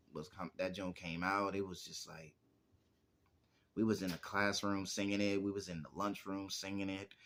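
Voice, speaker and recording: His voice is low with a bit of brightness as this young music producer and rapper rambles through stories during a casual interview. He relies heavily on "like" as a filler.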